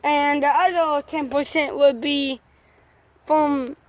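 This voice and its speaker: Young woman vlogger, high voice, slow talker, excitable, shouts at passing trucks. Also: no echo. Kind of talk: excited roadside commentary. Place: roadside outdoors by traffic.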